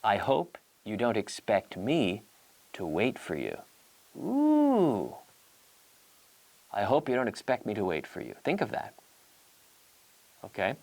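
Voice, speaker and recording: A man hosting a language-learning show, teaching in a lively, playful way and acting out little scenes as examples. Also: fairly low pitch, takes it slowly, vocal fry, pauses often. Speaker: English teacher and show host. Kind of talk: bilingual language lesson.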